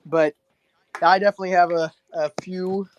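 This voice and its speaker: A man calling in to a fan discussion, speaking in a measured, analytical way with soft fillers. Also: high voice, steady tone, smooth, no room sound, muffled recording. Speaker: caller, fan content creator. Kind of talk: casual call-in discussion.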